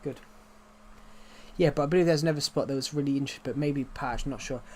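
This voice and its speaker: A young male gaming livestreamer with a medium-pitched, darkish voice talks quickly. He rambles as he plays, chatting both to himself and to his chat.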